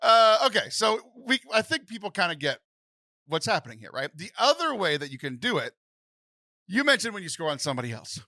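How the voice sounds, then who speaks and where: A man with a bright, fairly high voice that swings up and down as he talks. He explains things at length in a casual podcast chat and laughs often. The sound is close and dry. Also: dry recording. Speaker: podcast host.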